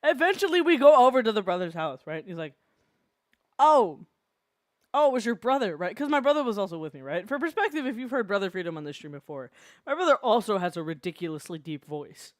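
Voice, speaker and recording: A streamer in a casual drawing-stream chat, mid-pitched and very lively in intonation. The delivery is animated and breaks into laughter often. The sound is dry and close. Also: fast talker, no echo.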